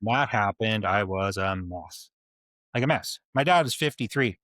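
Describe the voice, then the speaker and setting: A man's voice: lowish voice, lively intonation, unhurried, fairly bright tone, no echo, studio quality. A man in his forties co-hosting a podcast, telling a candid, rambling story and swearing freely. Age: 40s. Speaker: podcast co-host. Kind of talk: casual chat.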